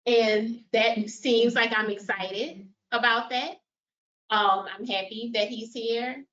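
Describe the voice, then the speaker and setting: A woman with a slightly high voice leads a caregiver training session. She moves briskly through points and checks in with the audience. The recording sounds dull and lo-fi. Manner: animated, quizzes audience with show of hands. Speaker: workshop presenter. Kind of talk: live training workshop.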